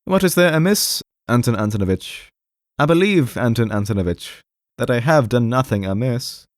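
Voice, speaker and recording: Voicing a frightened male clerk for an audiobook, a man pleads timidly in a trembling voice, again and again calling the man he's speaking to by name. He uses a medium pitch with lively intonation at normal speed, set higher than his own voice but close to everyday speech. There is no echo.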